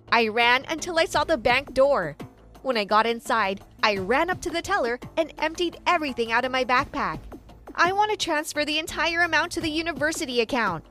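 A young woman reading a first-person story aloud in a steady storytelling manner, dropping her voice low for suspense. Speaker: narrator.

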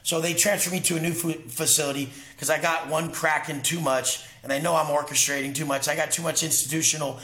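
A man's voice: on the high side, fairly even intonation, fast, few pauses, bright, forceful tone, reverberant. A man talking as an interview guest, intense and profane, telling emphatic stories in casual conversation. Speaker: podcast guest.

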